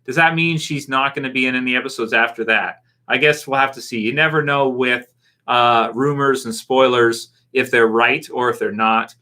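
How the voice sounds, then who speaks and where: A man's voice: mid-range voice, steady tone, moderate pace, pushed and bright. A Canadian man hosting a casual live stream, rambling and chuckling as he answers viewers' comments. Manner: rambling, chuckling, talks back to chat comments.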